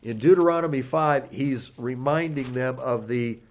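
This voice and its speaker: Preaching a sermon, a man reads scripture aloud, slowing down to press on key words, then explains it conversationally. His voice is medium in pitch.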